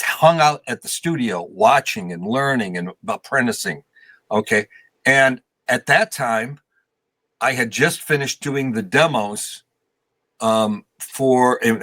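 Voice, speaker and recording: An older man in his sixties telling stories in a casual interview. He rambles and laughs at himself, restarting his sentences as he goes. His voice has a middling pitch. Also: animated, unhurried, bright, forceful tone. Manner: rambling, self-deprecating, with restarts. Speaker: guest musician.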